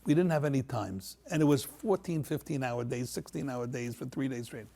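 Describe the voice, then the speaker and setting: A man telling a heartfelt personal story on a panel, animated and repeating phrases as he acts out the people in it. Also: mid-range voice, normal speed. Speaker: panel guest.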